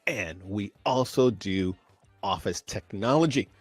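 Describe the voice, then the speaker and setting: A man hosting a business tech podcast, giving energetic, hype-filled introductions and chatting casually with his guest. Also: on the low side, a little slow, no echo, faint music behind. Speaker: podcast host. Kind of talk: upbeat show hosting.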